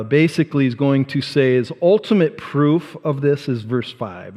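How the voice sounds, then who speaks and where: A male pastor preaching a sermon, emphatic, asking rhetorical questions and swinging from loud to soft. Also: on the high side, long reverb tail. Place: church sanctuary.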